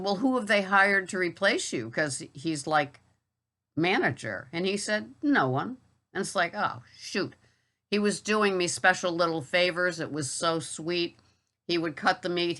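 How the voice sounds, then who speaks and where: A woman's voice: sits low, fairly bright tone. A middle-aged woman who works as a grocery delivery shopper, talking in a chatty, rambling vlog monologue full of asides and fillers.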